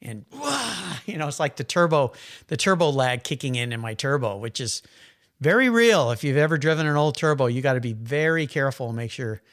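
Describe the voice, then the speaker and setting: Middle-aged male guest, animated storyteller, mid-range voice. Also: medium pitch, brisk. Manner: animated, chatty, rambling anecdotes. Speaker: guest, car enthusiast. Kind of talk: casual conversational storytelling.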